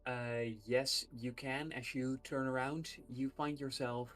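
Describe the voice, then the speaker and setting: Slow, halting game master. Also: mid-range voice, steady tone. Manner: slow and halting, with many "uh" pauses. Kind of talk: narrating a tabletop game on a livestream.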